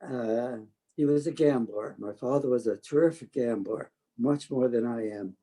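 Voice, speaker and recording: An older man telling stories from his working life, talkative and quick to act out what others said. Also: medium pitch, rough recording. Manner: talkative, animated quoting of others. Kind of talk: storytelling oral history.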